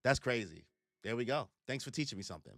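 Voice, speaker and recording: A man's voice: medium pitch, fast, no room sound, clean studio sound. A young man doing live reaction commentary on a manga chapter, joking and slangy, acting out the characters as he goes. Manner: joking, animated, slangy, acts out characters in put-on voices.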